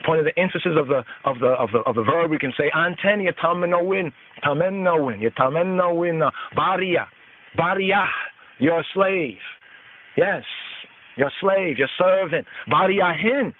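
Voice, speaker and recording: A man slowly teaching a psalm on a call-in podcast, reading each verse aloud and then repeating and explaining it word by word. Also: fairly high pitch. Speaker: podcast host teaching scripture. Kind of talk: slow devotional scripture teaching. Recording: tinny phone-line call-in audio.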